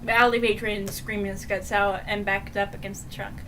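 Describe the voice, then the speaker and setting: A woman recapping a book in a casual review, excitable and prone to shouting out the big moments. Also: mid-range voice, normal speed, background noise. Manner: excitable, retells scenes with shouts and sound effects.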